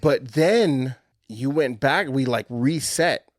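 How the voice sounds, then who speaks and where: A man co-hosts a podcast and tells his stories with lots of swearing and laughter. His voice sits at an average pitch. It is recorded close on a mic, very dry, with no room sound. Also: slow, no room sound. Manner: profane, animated storytelling with frequent laughter. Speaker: podcast co-host. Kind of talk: casual chat.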